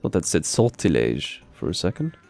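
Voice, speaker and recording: A man giving relaxed, rambling commentary while playing a game live, with dry, self-deprecating asides. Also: low voice, normal speed, creaky, soft background music. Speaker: gaming streamer.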